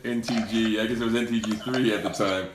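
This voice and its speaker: A man's voice: fairly low pitch, fairly even intonation, quick pace. A man on a voice call with gaming friends, throwing in dry quips and short jokes. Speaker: gaming clan member. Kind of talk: casual chat on voice call. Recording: echoey room with faint hiss.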